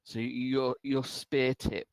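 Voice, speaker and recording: A man's voice: medium pitch, little pitch movement, slow, clean tone, dry recording, rough recording. A man narrating a tabletop game as game master, describing monsters and calling for rolls.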